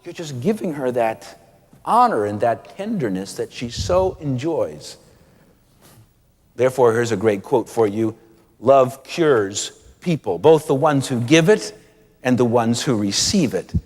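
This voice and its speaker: Animated male preacher in an echoing hall. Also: mid-range voice, unhurried, husky. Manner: animated, acts out quoted voices, stretches key words. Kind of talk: sermon.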